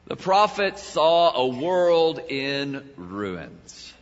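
A male pastor, preaching a sermon in a dramatic way, swelling to loud cries and then dropping low. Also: sing-song, a little slow. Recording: dull lo-fi sound with long hall reverb.

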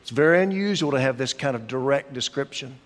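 A man preaching a sermon as pastor, slow and deliberate, leaning on emphatic pauses. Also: medium pitch, lively intonation. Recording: long hall reverb.

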